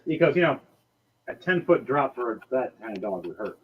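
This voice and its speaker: A man's voice: mid-range voice, big pitch swings, moderate pace, dull audio, a little hiss or hum. A man narrating as game master, rambling with lots of restarts.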